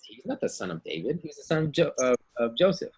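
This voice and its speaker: Male Bible teacher for children, husky, acts out characters. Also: mid-range voice, big pitch swings, a little fast, darkish tone. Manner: acts out story voices, asks kids questions.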